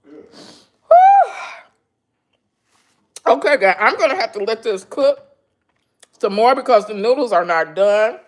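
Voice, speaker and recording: A woman hosting a live cooking stream from her home kitchen. She talks to her viewers in an emotional way and breaks into breathy exclamations. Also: on the high side, expressive, moderate pace. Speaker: cooking channel host.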